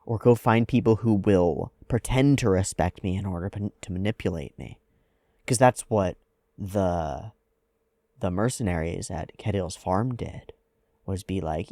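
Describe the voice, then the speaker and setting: A man's voice: on the low side, normal speed, warm tone, dry recording, studio quality. A man hosting an anime reaction, talking through a character's psychology in a thoughtful, analytical way with frequent "like"s. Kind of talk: casual reflective commentary.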